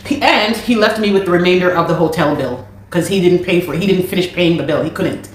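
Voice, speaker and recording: A woman from Canada, a musician, giving an animated and exasperated account of a dispute, with many restarts. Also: on the low side, quick pace, slight background noise. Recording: very echoey room.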